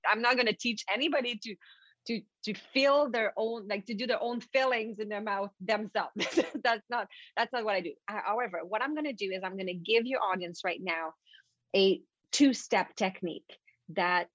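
A French Canadian woman, a native French speaker, explaining a mindset technique as a podcast guest in an animated, repetitive way. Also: mid-range voice, no echo. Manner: animated, repetitive, stumbling restarts. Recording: dull lo-fi dry recording.

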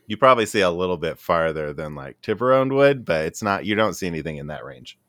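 A man's voice: sits low, lively intonation, quick pace, a bit bright, dry recording, clean studio sound. A man narrating as game master of a tabletop game, loose and casual with plenty of fillers.

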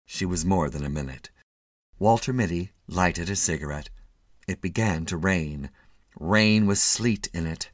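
A man reading a short story aloud in an expressive, measured way. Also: low-pitched, no room sound, clean studio sound. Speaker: narrator.

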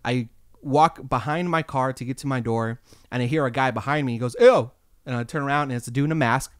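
A man with a smooth, mid-range voice talks fast in casual conversation, rambling through stories of his old overnight jobs. He's laid-back and quotes exclamations as he tells them, recorded with studio quality and no echo.

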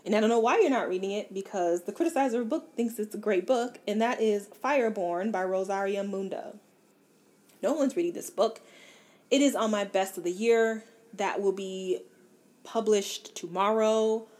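A woman's voice: medium pitch, normal speed. Blunt chatty woman book vlogger. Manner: candid, animated, blunt and self-deprecating. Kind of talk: casual book review chat.

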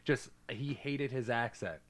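A man co-hosting a podcast, chatting casually about a movie with a lively manner, often laughing and acting out scenes. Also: medium pitch, a little slow. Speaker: podcast co-host. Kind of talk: casual movie review chat.

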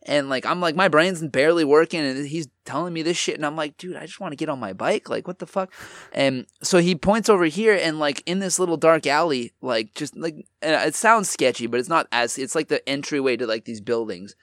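A man's voice: on the high side, a little fast, few pauses, a bit bright, no room sound, studio quality. Slangy, swearing young man telling a story. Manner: loose, profanity-heavy, full of "like" fillers. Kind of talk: casual storytelling chat.

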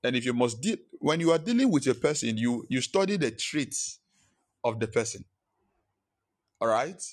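A male pastor delivering a sermon. His voice sits at a middle pitch, and he drives points home through repetition. The talk is emphatic and teaching in tone. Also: big pitch swings, normal speed.

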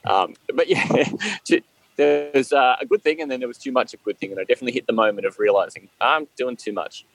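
A man's voice: medium pitch, fast talker, a bit bright, no echo, faint music behind, low-quality recording. A man with an Australian accent, a podcast guest chatting casually and laughing at himself. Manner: laughs often, self-deprecating. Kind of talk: casual chat.

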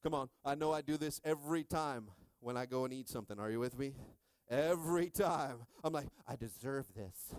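A middle-aged man preaching with a fairly high voice that climbs into shouting. He keeps calling out to the congregation for response. The sound is dry and close. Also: fairly quick, hardly any pauses, no room sound. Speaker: pastor. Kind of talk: sermon.

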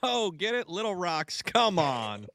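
Male co-host, gravelly and animated, teasing banter. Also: high-pitched, slow, a little hiss or hum. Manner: teasing, joking ribber. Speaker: podcast co-host. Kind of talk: casual banter.

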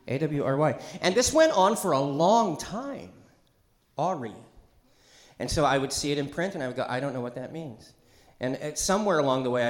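A middle-aged pastor preaches in a church sanctuary in an easy, talkative way, cracking jokes, drifting into asides and trading call-and-response with the congregation. His voice leans high. The space has an echo.

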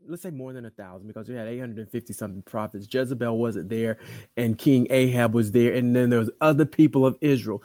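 A man preaching a sermon, moving between booming, drawn-out proclamations and quiet conversational asides, often repeating words and restarting. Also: steady tone, no echo, clean studio sound.

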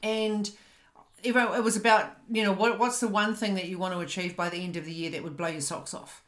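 A woman in her fifties with a New Zealand accent, a podcast host and coach telling a personal story in a fast, animated, frank way. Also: medium pitch, roomy sound. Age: 50s.

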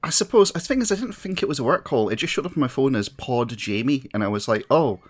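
A man's voice: medium pitch, expressive, quick pace. A man co-hosting a podcast, groggy from a migraine, rambling and swearing through casual banter. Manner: rambling, swears, self-mocking. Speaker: podcast co-host.

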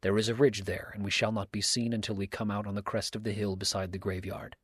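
Man voicing a severe countryman, low voice, measured, dry close sound. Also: level tone, breathy edge, dry recording. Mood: stern. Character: stern, upright older countryman.

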